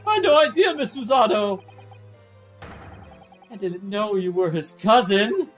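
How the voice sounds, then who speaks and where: A man's voice: sits high, lively intonation, unhurried, soft background music, pitched above the performer's own voice. A man voicing a gushing young woman fan who swoons and gushes in breathless alliteration.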